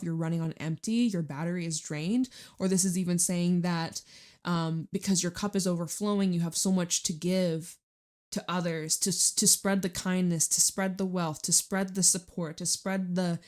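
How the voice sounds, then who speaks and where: A young adult woman talks through a tarot spread in a loose, chatty way, slipping in the odd swear word. Her voice sits a little low for a woman. She sounds recorded at home. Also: a little mellow. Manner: chatty, emotional, swears casually. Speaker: tarot reader. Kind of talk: casual tarot reading monologue.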